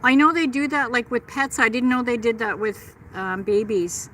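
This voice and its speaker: Middle-aged woman hosting a livestream, chatty and gushing; keen, bright, slightly high voice; outdoors on a handheld phone, faint noise behind. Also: moderate pace, low-quality recording. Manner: chatty and gushing, reads out and answers chat. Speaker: livestream host. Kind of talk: casual live chat with viewers. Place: outdoors in a park.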